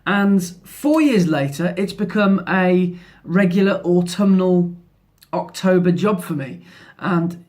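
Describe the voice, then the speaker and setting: A man in his thirties with a fairly high voice chats to camera in a relaxed vlog. He sounds upbeat and a little rambling, often restarting his sentences, and he talks about his photography work while he is out and about. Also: slow pace. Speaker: photographer vlogger. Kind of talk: casual vlog talk to camera. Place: outdoors by the sea, then in town.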